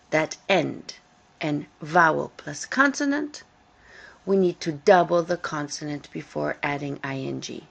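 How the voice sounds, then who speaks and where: A woman teaching English grammar in a recorded lesson, explaining slowly and carefully and repeating key points. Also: lowish voice, vocal fry, fairly bright tone. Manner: slow, careful explaining with repetition.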